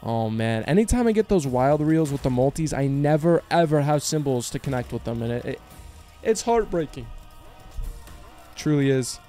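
A man giving casual slot gameplay commentary, joking in slang, swearing a lot and breaking into high yells on big wins. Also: animated, moderate pace, soft background music. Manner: slangy and joking, talks to viewers as bro and partner. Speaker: slot streamer.

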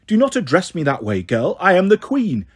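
A man's voice: high-pitched, huge pitch swings, normal speed, breathy edge, full character voice. A man voicing a haughty, commanding queen goddess who speaks with scorn. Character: haughty imperious queen goddess, female, ancient.

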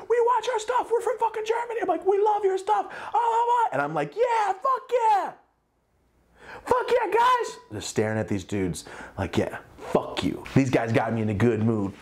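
A man telling a casual storytime vlog about his clothing brand, profane and animated, acting out quotes in loud high voices. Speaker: clothing brand owner and YouTuber.

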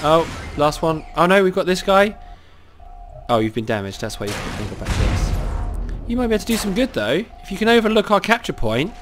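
A man with a cold giving excitable live commentary over his own gameplay, cheering on teammates and talking to himself. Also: high voice, a little fast, music in the background. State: has a cold.

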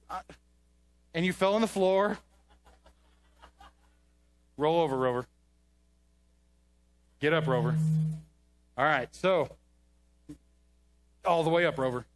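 High-voiced man coaxing a puppet dog. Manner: exasperated, scolding and coaxing. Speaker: children's ministry presenter. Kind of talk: comedic kids' skit with a puppet dog. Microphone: handheld microphone.

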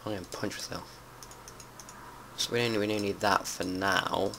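A man giving casual let's-play commentary, chatty and prone to swearing and panicked yelling. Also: on the low side, steady tone, normal speed, gravelly. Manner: chatty, swears a lot, panics and yells when startled. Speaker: gameplay commentator. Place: home room with window open. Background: faint outdoor noise and keyboard typing.

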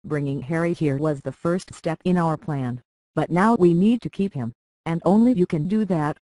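A reader voicing a calm, calculating middle-aged lord who speaks in measured, persuasive tones, in an audiobook. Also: medium pitch, dry recording, lightly acted, rough recording. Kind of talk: audiobook character reading.

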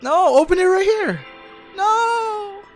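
A squealing, excited two-year-old toddler, put on by a man playing a video game, shooting up high and bouncing wildly in pitch. The baby talk is loud and breathless. Game music plays underneath. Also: slow pace, full character voice. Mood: pleading.

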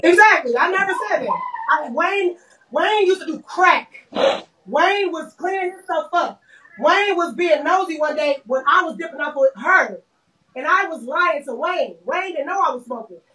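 Fast, high-voiced defiant woman. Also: fairly bright tone. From South Carolina. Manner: profane, defiant, repetitive insults. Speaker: live streamer. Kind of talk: heated live-stream rant. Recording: echoey room from a distance, faint noise.

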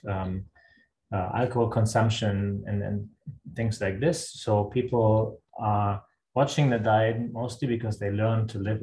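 A man with a German accent, a guest lecturer answering questions in a webinar in a measured, explanatory way. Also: on the low side, a little mellow. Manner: measured, explanatory, thinks aloud. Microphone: video call. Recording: echoey room with faint noise.

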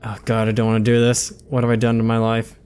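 A man's voice: mid-range voice, completely flat delivery, fast talker, darkish tone, a little hiss or hum. A man giving jumpy horror game commentary, talking to himself and swearing when startled. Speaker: let's play commentator.

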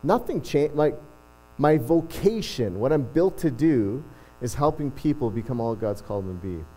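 A man's voice: mid-range voice, lively intonation, moderate pace, warm tone, poor audio. A middle-aged male pastor giving a casual, self-deprecating sermon, often restarting his sentences. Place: church.

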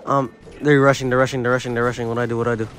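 Man, gameplay commentary, excitable, self-deprecating, shouting bursts, hoarse voice, faint music behind. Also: mid-range voice, rapid-fire. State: voice going hoarse. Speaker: gaming YouTuber.

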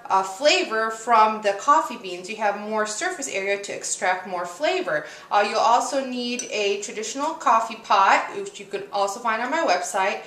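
A young woman hosting a casual cooking demonstration, chatting in a relaxed way with lots of "uh" and "um" fillers. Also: mid-range voice, reverberant. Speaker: cooking show host.

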